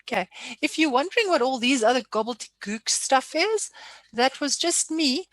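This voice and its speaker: A woman trainer giving a casual screen-share software tutorial, chatty and self-deprecating with frequent apologies. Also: high-pitched, expressive, normal speed, no echo.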